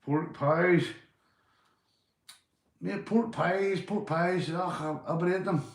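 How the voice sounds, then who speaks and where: A Northern Irish man live-streaming from home, chatting casually, swearing and giving shout-outs to his viewers. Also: on the high side, steady tone, takes it slowly, roomy sound. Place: indoors at home.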